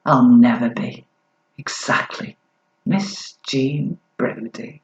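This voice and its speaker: A woman performing spoken-word poetry in a slow, deliberate, expressive way at a live gig. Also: on the low side, echoey room, lo-fi sound. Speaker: performance poet.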